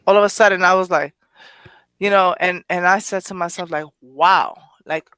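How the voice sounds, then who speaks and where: A woman's voice: on the low side, fairly even intonation, brisk, fairly bright tone, clean tone, no room sound. A woman hosting a poetry podcast, speaking emotionally in casual chat, rambling with many restarts and self-corrections. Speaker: poetry show host.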